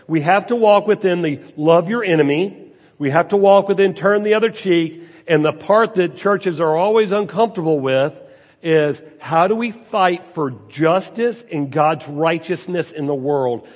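A man's voice: fairly high pitch, a little slow, darkish tone. A man preaching a sermon as a pastor, with rhetorical questions and emphasis that rises and falls. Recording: long hall reverb.

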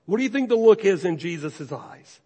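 Earnest preacher in a reverberant hall. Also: male voice, sits high, expressive, fairly quick, dark tone, breathy edge. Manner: earnest, conversational exhortation with repeated phrases. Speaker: pastor. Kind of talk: sermon. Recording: long reverb from a large hall.

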